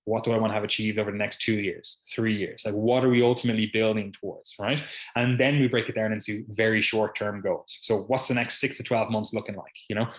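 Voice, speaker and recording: A man's voice: lowish voice, fairly even intonation, fairly quick, a bit bright. A man hosting a podcast as a coach, talking casually and tagging "right?" onto his points. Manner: chatty, quotes imagined people, says "right?" often.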